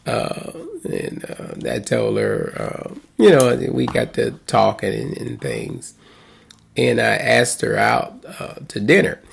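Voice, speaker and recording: Middle-aged man, pastor, gravelly, husky, lively rambling storytelling. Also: medium pitch, takes it slowly. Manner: rambling, chuckling, many restarts. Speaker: pastor and host. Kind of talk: casual storytelling.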